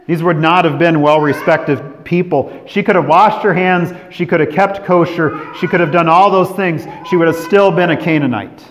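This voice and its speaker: A man from California preaching a sermon as pastor, moving between emphatic declarations and hushed, drawn-out phrases. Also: fairly high pitch. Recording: long hall reverb.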